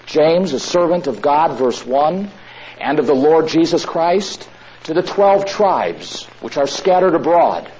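A man's voice: on the high side, sing-song, a little slow, darkish tone. A man preaching a sermon, emphatic, who repeats his key lines for stress. The recording sounds dull and lo-fi, with faint noise behind him.

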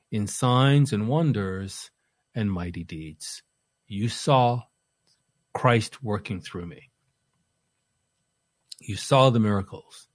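A man preaching an expository sermon, animated, often repeating words as he starts a phrase and speaking the apostle's words in the first person. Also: on the low side, no room sound.

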